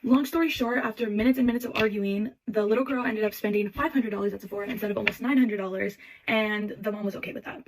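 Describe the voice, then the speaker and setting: Fast-talking young woman telling a storytime. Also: mid-range voice, background noise. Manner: animated, quotes people in quick voices, swears freely. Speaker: retail cashier telling a story. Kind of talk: casual storytime.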